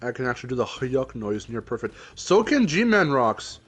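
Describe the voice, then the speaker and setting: A young man chats casually while streaming a game, his voice sitting at an ordinary middle pitch. He jokes, rambles between thoughts and breaks into laughter often. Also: sing-song, moderate pace, fairly bright tone, husky. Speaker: streamer and host. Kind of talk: casual gaming chat.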